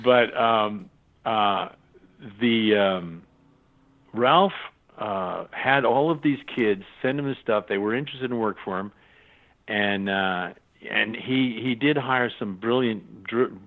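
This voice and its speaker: A man's voice: medium pitch, takes it slowly. Older man telling stories over a tinny line. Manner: animated anecdotes, acts out quoted voices, laughs often. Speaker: interview guest. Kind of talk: casual storytelling interview. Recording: tinny phone-line sound.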